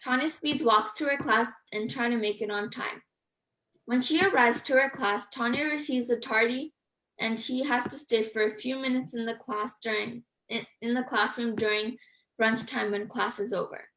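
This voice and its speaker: Bright voiced woman reading her own book on air, earnest, some ums. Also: fairly high pitch, fairly even intonation, moderate pace, rough recording. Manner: earnest, hesitant with fillers. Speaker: author and guest. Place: radio studio.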